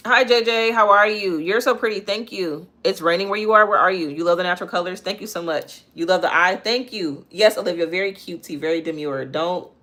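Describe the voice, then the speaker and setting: A woman's voice: fairly low pitch, a little fast, few pauses, fairly bright tone. A young woman hosting a live makeup tutorial at home, chatting casually and answering viewer comments as she works. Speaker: makeup vlogger and livestream host. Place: home, near a kitchen.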